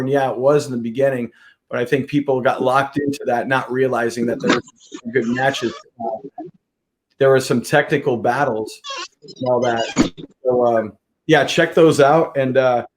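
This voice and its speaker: A man hosting an interview podcast, talking casually with lots of restarts. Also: medium pitch. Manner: rambling, many fillers and restarts. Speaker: podcast host.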